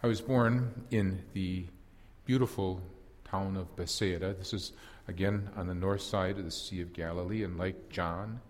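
Speaking as an impulsive old fisherman-apostle, a man recounts his failings in a first-person dramatic monologue, candid and reflective with a wry, self-mocking edge. His fairly low voice stays steady and unhurried, and long hall reverb trails each phrase.

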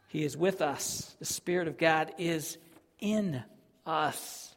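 A male pastor preaching a sermon, emotive, swinging between loud emphasis and quiet, with sighs. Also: fairly high pitch, slow, in a large hall.

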